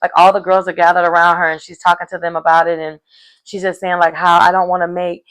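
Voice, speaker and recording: A woman with a slightly low voice talks through a reality show episode in a loose, casual recap. She keeps the story rolling with a steady stream of fillers and retells the scenes in quoted dialogue. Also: fast talker, clear, resonant tone, poor audio.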